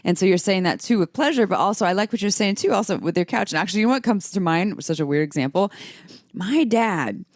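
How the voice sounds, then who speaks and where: A woman hosting a casual podcast, chatty and self-deprecating, quick to laugh. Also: medium pitch, animated, no room sound, studio quality. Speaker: podcast host.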